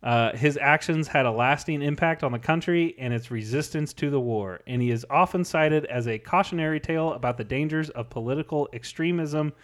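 A man's voice: on the high side, a little fast, few pauses. A man co-hosting a casual podcast, telling a history story with frequent laughs and fillers. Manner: laughs often, chatty and喜 animated. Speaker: podcast co-host.

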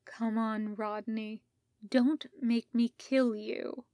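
A woman's voice: on the high side, little pitch movement, takes it slowly, dark tone, dry recording, clean studio sound. A woman voicing a menacing male Sith lord who mocks and coaxes in a fan audiobook reading. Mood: coaxing. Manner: mocking, coaxing.

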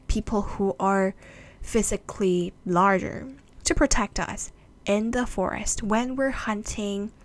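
A woman presenting an explanatory video talk, measured and speaking straight to her viewers. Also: on the high side.

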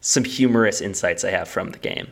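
A man's voice: low-pitched, a little fast, creaky. A man co-hosting a podcast, rambling through goofy comedic bits in casual chat. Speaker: podcast co-host.

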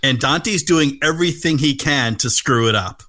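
A man's voice: mid-range voice, moderate pace, sharp tone. A man appearing as a guest on a casual movie podcast, easygoing and chuckling along.

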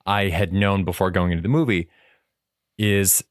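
A man in casual film discussion chat, talking in a thoughtful, measured way with some hedging. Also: low voice, no room sound, studio quality. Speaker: podcast co-host.

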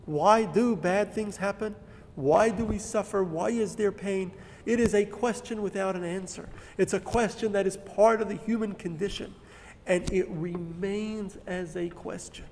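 High-voiced man preaching in an echoing hall. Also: fairly even intonation, a little slow, a little mellow, slight background noise. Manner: earnest, rises to emphatic peaks, many fillers. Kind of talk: sermon-style lecture.

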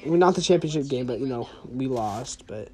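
With music playing behind him, a young man tells a rambling, profane story in a casual way, full of fillers and trailing off. His medium-pitched voice has lively intonation and moves a little fast.

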